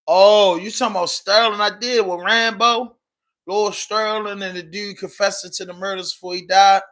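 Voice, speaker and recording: A man's voice: high voice, steady tone, moderate pace, fairly bright tone. A man with a Baltimore accent hosting a casual livestream podcast, talking loosely in slang while answering viewer comments. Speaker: podcast host.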